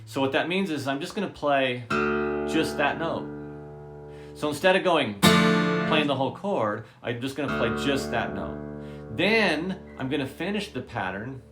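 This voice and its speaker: Male guitar teacher, mid pitch, says okay constantly, scats rhythms, guitar loud in the mix. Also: lively intonation, moderate pace. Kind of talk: guitar lesson. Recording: loud guitar playing between talk. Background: guitar strumming.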